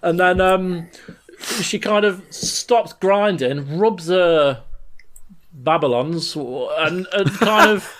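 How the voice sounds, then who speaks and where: A man's voice: sits high, takes it slowly, fairly bright tone, slight background noise. A man co-hosting a podcast, retelling a game scene with lots of laughter and restarts. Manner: laughs while telling a story, trails off and restarts. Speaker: podcast co-host. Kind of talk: casual chat, animated retelling.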